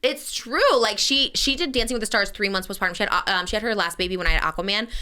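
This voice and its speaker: A young woman hosting a podcast, gossiping in an animated way and acting out what others said. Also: mid-range voice, clear, resonant tone. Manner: rapid, animated, acts out others in quoted voices. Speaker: podcast host. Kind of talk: casual gossip chat.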